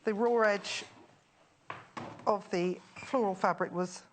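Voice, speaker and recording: A woman's voice: mid-range voice, slow, slight background noise. A woman, a guest tutor on a live sewing show, who explains each step with enthusiasm and chats cheerfully with the host. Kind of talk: live studio sewing demonstration. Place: TV studio.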